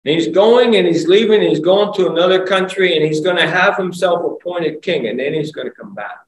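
A man's voice: sits high, lively intonation, a little fast. Preacher man, echoey room from afar. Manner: conversational preaching, rhetorical questions, rising to emphatic exclamations. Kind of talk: sermon. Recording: echoey room, voice from far off, faint ambience.

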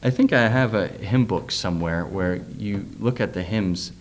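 A man's voice: on the low side, moderate pace, slight background noise. A middle-aged man preaching a sermon, reading scripture aloud and then talking it over loosely with fillers and questions to the listeners.

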